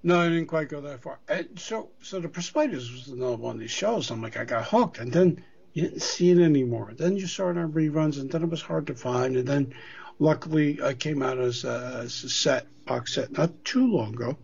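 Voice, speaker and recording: A man's voice: on the high side, a little fast, vocal fry, darkish tone, breathy edge. A middle-aged man from the US East Coast, co-hosting a podcast in casual chat; he rambles, restarts and swears. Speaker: podcast co-host. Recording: dull lo-fi audio.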